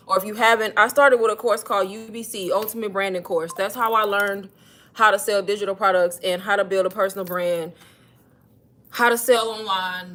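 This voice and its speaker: Bright-voiced chatty woman livestreaming. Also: medium pitch. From Texas. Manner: chatty, addresses viewers as y'all. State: out of breath. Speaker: livestream host. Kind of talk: casual livestream talk.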